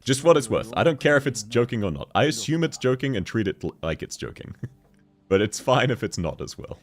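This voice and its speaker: A man's voice: mid-range voice, very animated, brisk. A young man chatting casually on a game livestream, joking, laughing often and reading chat messages aloud. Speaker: streamer.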